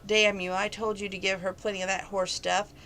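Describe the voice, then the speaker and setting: A woman reading aloud, voicing an injured male kidnapper who groans and whimpers in a squeaky voice. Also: little pitch movement, brisk, fairly bright tone, slight background noise, close to an everyday voice. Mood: groaning.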